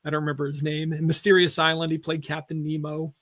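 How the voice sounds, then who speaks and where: A man's voice: a little high, completely flat delivery, fast talker, fairly bright tone. A man hosting a casual film discussion, rambling through film trivia with many fillers and restarts. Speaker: podcast host.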